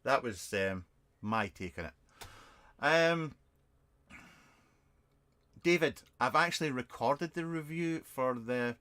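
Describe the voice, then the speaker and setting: A British man past fifty chats loosely into a webcam during a live stream. He rambles and stops himself a lot, mixing dry sarcasm with quick apologies. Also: medium pitch, lively intonation, bright, forceful tone. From Britain. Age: over 50. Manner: rambling, self-mocking and sarcastic, many fillers. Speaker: vape reviewer and channel host. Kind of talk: casual live-stream chat answering viewer questions. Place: home shed.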